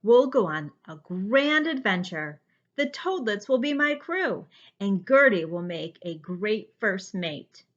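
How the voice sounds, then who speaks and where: Woman doing a hearty old sea-captain frog, storybook, loud bluff sailor talk, slow and deliberate. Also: medium pitch, big pitch swings. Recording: slightly dull lo-fi recording.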